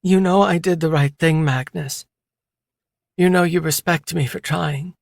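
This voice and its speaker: A man reading an audiobook voices a wounded young woman who speaks softly and pleads with quiet, loyal earnestness. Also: fairly high pitch, fairly even intonation, unhurried, gravelly, no echo, clean studio sound, pitched above the performer's own voice. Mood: earnest. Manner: soft, pleading. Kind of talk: audiobook character voice.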